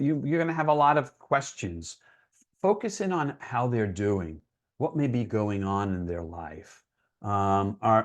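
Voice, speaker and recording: A man giving an educational talk for parents in an earnest, reassuring, conversational way. He often checks in with his listeners by asking "right?". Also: mid-range voice. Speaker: presenter for parents. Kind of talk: educational presentation.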